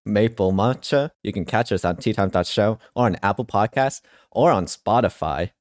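A man's voice: on the low side, lively intonation, normal speed, a little mellow, no echo. Male podcast co-host, easygoing with short replies, dry close-miked sound. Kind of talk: casual chat.

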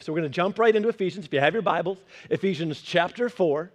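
High-voiced animated young man preaching. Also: fairly quick, hardly any pauses. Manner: animated, conversational preaching with acted-out quotes. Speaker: pastor. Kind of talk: sermon.

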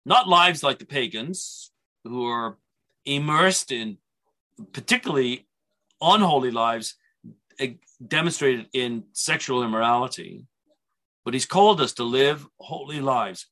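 A man's voice: mid-range voice, expressive, a little slow, pauses often, a bit bright. A man teaching a church Bible seminar in a conversational way, with frequent restarts and asides.

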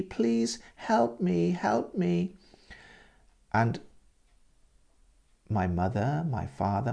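A man teaching English through storytelling, speaking very slowly and repeating himself so learners can follow. His voice is low and gravelly, with a dark, mellow tone and lively swings in pitch. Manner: repeats words, explains vocabulary.

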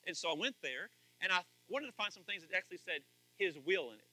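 A man preaching a sermon as pastor, talking conversationally, dropping to quiet asides and rising to loud, emphatic peaks. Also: sits high, animated, quick pace, faint music behind, poor audio.

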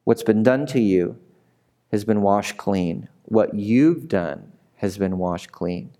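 A man preaching who voices a gentle, forgiving divine speaker in a soft, slow, tender way. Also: lowish voice, pitched below the performer's own voice.

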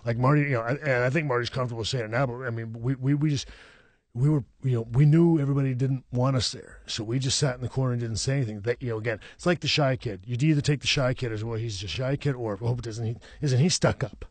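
Man, middle-aged, wrestler guest, rambling, quick, dry close sound. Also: medium pitch, steady tone, no room sound. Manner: rambling, many restarts and "you know what I mean". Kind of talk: casual interview conversation.

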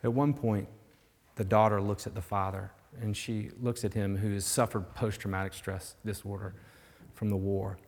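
A man preaching a sermon as pastor, swinging from loud, emphatic lines down to hushed whispers. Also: on the low side, flat delivery, normal speed. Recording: long reverb of a large hall.

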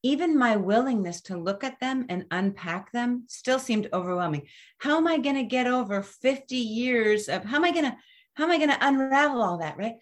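A woman's voice: fairly high pitch, moderate pace. Reflective woman in her fifties, chatting. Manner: reflective, animated, trails off mid-sentence. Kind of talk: casual conversation.

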